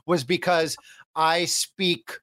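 A man from Connecticut with a standard American accent, chatting casually as a film podcast co-host. He talks in a nasal, droning way, with lively swings in his storytelling. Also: slow. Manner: animated storytelling with sudden pitch swings. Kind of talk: casual chat.

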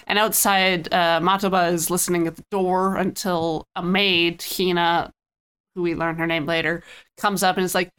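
A woman co-hosting a casual podcast, recapping film scenes with lively, wry asides. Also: lowish voice, normal speed, clean tone. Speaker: podcast co-host.

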